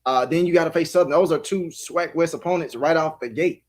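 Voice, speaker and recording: A man's voice: a little high, brisk. A man analyzing a college football schedule on a live talk show, thinking aloud with many restarts. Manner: analytical, talks in restarts and fillers.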